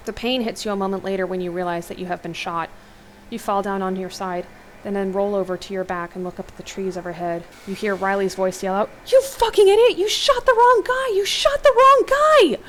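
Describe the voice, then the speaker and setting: A woman host reading an interactive horror novel aloud, steady narration with exclaimed asides. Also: mid-range voice, a little hiss or hum. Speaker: let's play host.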